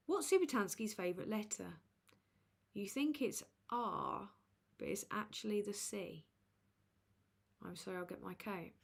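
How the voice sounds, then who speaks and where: A woman chats through a loose livestream, reading super chats aloud. She talks slowly at a middling pitch, with a crude, sardonic, roasting manner. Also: lively intonation, creaky, husky. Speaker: livestream host.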